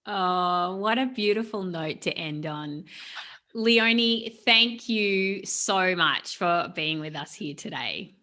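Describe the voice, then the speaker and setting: A woman's voice: fairly low pitch, animated, slow pace, bright, forceful tone. Effusive woman podcast host. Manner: effusive and encouraging. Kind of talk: hosting an interview podcast.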